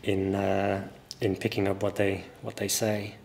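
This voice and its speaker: A man with a mild northern English accent, a teacher giving a relaxed guest interview and telling stories thoughtfully at length. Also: deep voice, measured pace, vocal fry, slight background noise. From northern England. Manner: thoughtful, anecdotal, explains at length.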